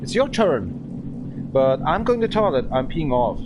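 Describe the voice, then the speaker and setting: A man in his thirties from Germany with a German accent, chatting and joking in halting English while live-streaming a driving game. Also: fairly high pitch, very animated. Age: 30s. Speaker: gaming livestreamer. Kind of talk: casual livestream chat while drifting. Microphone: desk microphone. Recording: noisy stream with car sounds.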